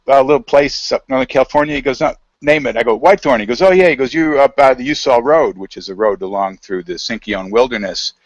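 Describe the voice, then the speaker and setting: A man's voice: mid-range voice, no echo, lo-fi sound. A middle-aged man as an interview guest, telling a long anecdote over a video call in a casual, rambling way, with many fillers and quoted dialogue.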